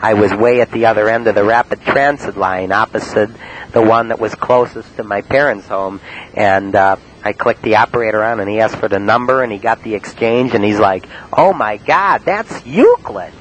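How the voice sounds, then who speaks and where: A man from Cleveland telling about his prank calls in a halting, rambling monologue full of uh and um. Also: on the low side, steady tone, low-quality recording. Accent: Cleveland, Ohio. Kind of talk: rambling spoken-word monologue. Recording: faint hiss on an old cassette tape.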